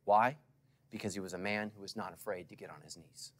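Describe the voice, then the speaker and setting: A middle-aged male pastor preaching to a congregation, swinging from loud calls to hushed asides and asking for responses. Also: low-pitched, steady tone, brisk. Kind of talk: sermon.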